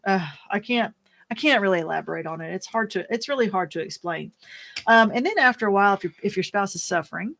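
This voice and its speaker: A woman, a widow, talking candidly to the camera, soft-spoken and earnest, halting and searching for words with many fillers. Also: medium pitch, expressive, gravelly. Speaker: widow sharing her experience. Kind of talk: candid personal talk to camera.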